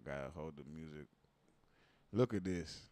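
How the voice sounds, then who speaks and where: A man's voice: extremely low pitch, measured pace, dark tone. A man hosting a livestream, reacting to viral clips in casual, slangy, profane talk full of rhetorical questions.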